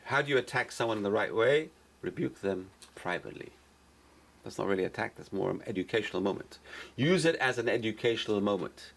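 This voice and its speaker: A man's voice: medium pitch, lively intonation, brisk, vocal fry. A man, a rabbi, teaching a class and repeating his key points for emphasis. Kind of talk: lecture-style Torah class.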